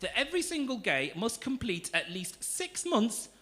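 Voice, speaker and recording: A man's voice: very high voice, big pitch swings, moderate pace, bright, forceful tone. A young man doing stand-up comedy on a club stage, teasing the audience in a camp, cheeky manner. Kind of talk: stand-up comedy with crowd work.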